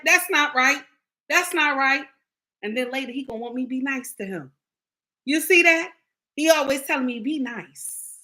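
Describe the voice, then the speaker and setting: Woman, livestream host, bright voice, chatty, playful, talks straight to viewers. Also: a little high. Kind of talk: casual livestream chat.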